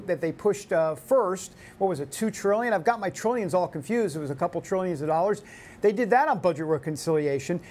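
A man's voice: high-pitched, a little mellow. A man hosting a talk show, giving casual political commentary in a rambling way. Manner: rambling, with many restarts and fillers.

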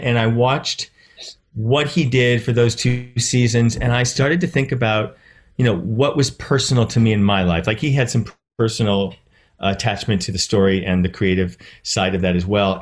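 A man who is an actor and producer, telling animated stories in an interview and often repeating words as he starts. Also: medium pitch. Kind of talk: casual interview storytelling.

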